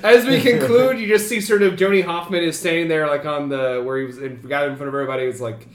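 A man's voice: a little high, fairly even intonation, fast talker, few pauses, roomy sound. A man hosting a podcast and running a tabletop game as game master, rambling with many fillers. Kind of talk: casual tabletop game narration.

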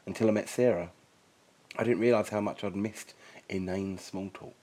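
A man reading a first-person story aloud in a quiet, sombre and reflective manner. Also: low voice, normal speed, pauses often, breathy edge. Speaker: narrator.

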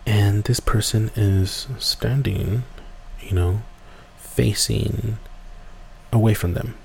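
A man's voice: fairly low pitch, gravelly, mellow, slight background noise. A man hosting a podcast, telling a story casually with many fillers and restarts. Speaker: podcast host.

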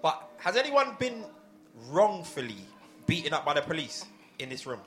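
A man with a high, bright voice leads a relaxed group discussion. He tells his stories with animation and often breaks into laughter. The talk has a loose, conversational feel. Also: normal speed. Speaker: host. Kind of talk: casual panel discussion.

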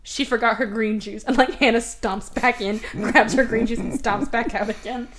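A woman's voice: fairly high pitch, normal speed, over a noisy crowd. Woman on a podcast gushing through a movie recap, voice up a bit, does all the characters, cusses a lot. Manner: animated recapping, acting out characters' quotes; swears freely. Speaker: podcast host. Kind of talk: casual movie review chat.

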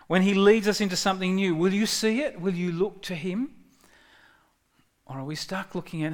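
A man preaching a sermon in a conversational way, with frequent restarts and bursts of excitement when quoting. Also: high voice, moderate pace. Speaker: pastor.

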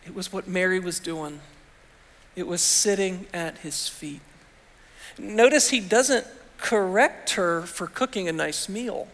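Man, pastor, high voice, conversational sermon, rhetorical questions, long church reverb. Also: takes it slowly, a bit bright. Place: church sanctuary.

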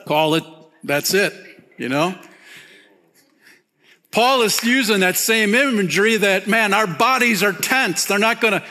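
A pastor preaching a sermon, casual and animated, peppering his talk with "man" and "you know". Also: unhurried, pauses often. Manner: animated, rises high when excited, softens and drops low near the close.

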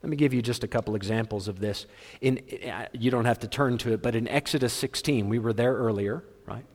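A man preaching a sermon in a large hall, animated and humorous with a theatrical flair. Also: mid-range voice, fairly quick. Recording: long hall reverb.

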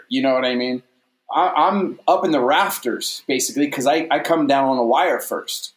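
A man telling a stage story in a casual interview, animated and often repeating "you know what I mean". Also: mid-range voice, normal speed, reverberant. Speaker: guest, stage performer.

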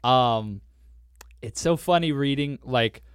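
A man's voice: mid-range voice, slow pace, clean tone, dry recording, clean studio sound. Rambling young man on a podcast. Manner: rambling, swears casually, laughs often. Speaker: podcast co-host. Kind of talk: casual chat.

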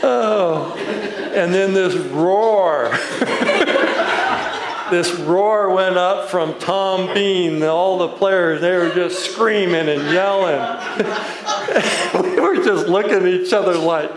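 A man preaching a sermon, telling a personal story in an unhurried, storytelling way. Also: high-pitched, animated, a loud crowd. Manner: unhurried storytelling, building to laughter. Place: church. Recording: echoey church room.

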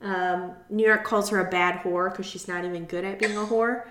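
A young woman co-hosting a casual podcast, chatty and quick to laugh, acting out quotes. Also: lowish voice, steady tone, a bit bright. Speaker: podcast co-host. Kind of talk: casual chat recapping a reality show. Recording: roomy echo.

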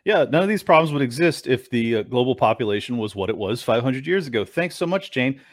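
Man, ranting commentary host, sarcastic, profane, incredulous, lively pitch. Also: fairly quick. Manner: mocks clips with mimicking voices.

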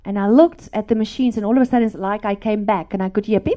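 Woman preaching her testimony, hushed then emphatic. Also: mid-range voice, steady tone, brisk. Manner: drops to hushed whispers, then rises to emphatic repetition. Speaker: Christian speaker giving a testimony. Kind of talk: emotional testimony sermon.

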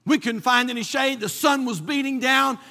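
A man's voice: extremely high pitch, normal speed, pushed and bright, big-room sound, soft background music. A man from North Carolina, preaching a sermon and telling a folksy personal story with many restarts. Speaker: pastor.

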